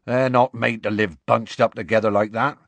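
A man voicing a huge rough-spoken half-giant gamekeeper with a folksy country dialect and dropped letters, telling a story at an unhurried pace. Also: on the low side, fairly even intonation, a bit bright, dry recording, voice pushed up.

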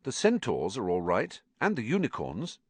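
A man voicing a determined, quiet-spoken schoolboy in an audiobook reading, in a firm, low-key manner. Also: huge pitch swings, moderate pace, slightly rough, dry recording, heavily acted. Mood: resolute. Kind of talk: audiobook character voice.

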